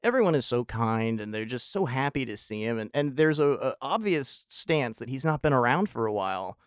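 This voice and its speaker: A man's voice: mid-range voice, animated, normal speed, smooth, no room sound, clean studio sound. A man hosting a podcast, giving an opinionated, rambling solo film review with wry asides.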